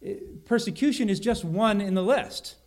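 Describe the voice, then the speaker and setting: A man's voice: high-pitched, normal speed. A man preaching an expository sermon, explaining a Bible passage in an earnest way and repeating key words for emphasis.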